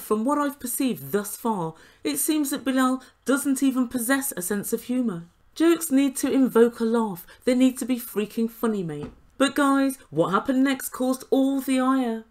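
A woman's voice: a little high, a little mellow. A woman giving an indignant, sarcastic recap and review of a reality TV show, swearing now and then.

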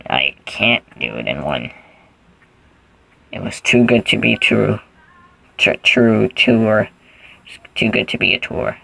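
Male gamer, casual commentary, goofy rambling; low-pitched and gravelly. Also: big pitch swings, slow pace, long pauses, bright, forceful tone, rough recording. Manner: rambling, goofy, thinks aloud while playing. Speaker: gaming channel host.

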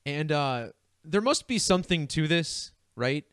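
A man's voice: a little high, expressive, a little slow, a bit bright, clean tone, dry recording. Giggly man at a dry desk mic. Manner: giggly, keeps breaking into laughter. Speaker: numerology video host. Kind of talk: casual screen-share commentary.

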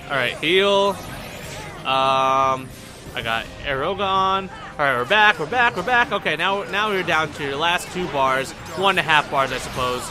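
A man's voice: a little high, animated, unhurried. A young man giving casual, rambling let's play commentary, joking and talking back to the characters on screen. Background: game music.

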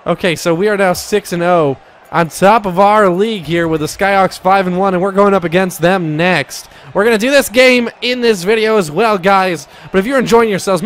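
A man giving excitable commentary over his own gameplay, shouting and laughing at near misses and goals. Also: high-pitched. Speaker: gaming YouTuber.

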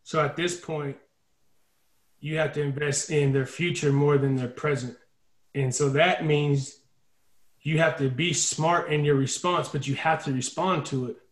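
A fairly high-voiced man gives an earnest talk as a guest speaker. He acts out the voices of others and picks up speed as he gets stirred. His voice echoes around the room. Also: fairly even intonation, a little slow. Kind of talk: impassioned talk on a video call.

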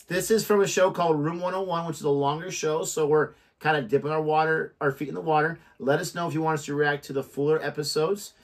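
An American man, co-host of a reaction channel and a teacher, chatting casually and joking. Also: a little high. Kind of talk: casual chat.

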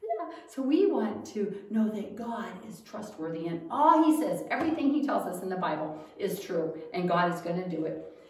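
A woman's voice: medium pitch, very animated, normal speed, darkish tone. A woman teaching a children's Bible school lesson, telling the story animatedly to kids, in an echoey room with the mic far off.

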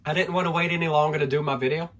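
A man opening trading card packs on camera, excitable and hyped, thinking aloud as he goes and losing his voice. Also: on the high side, racing. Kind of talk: excited pack-opening vlog.

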